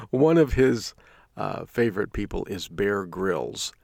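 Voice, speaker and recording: A man's voice: on the low side, animated, takes it slowly, vocal fry, a little mellow, dry recording, clean studio sound. A middle-aged male host telling a casual folksy story, chuckling often as he talks. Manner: folksy storytelling with frequent laughs. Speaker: radio host. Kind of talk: casual chatty monologue.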